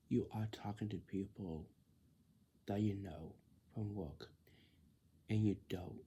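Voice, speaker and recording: Slow, gravelly low-voiced man. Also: mellow, slight background noise. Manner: repetitive, lecturing, tags lines with "right?". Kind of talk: casual monologue.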